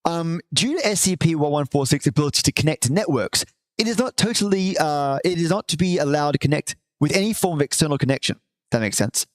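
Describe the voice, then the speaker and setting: A man hosting a live stream, chatting casually and warmly with viewers and reading aloud, with the odd swear. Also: fairly high pitch, expressive, quick pace, no echo. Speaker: livestream host.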